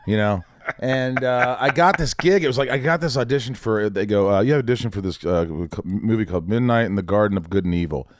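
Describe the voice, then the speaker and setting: A man's voice: fairly low pitch, quick pace, dry recording, clean studio sound. A man in his forties, raised in the Midwest, telling show-business stories in a casual chat and acting out other people's lines. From Indiana, US Midwest. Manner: animated storyteller, acts out quotes of others. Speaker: podcast guest, actor.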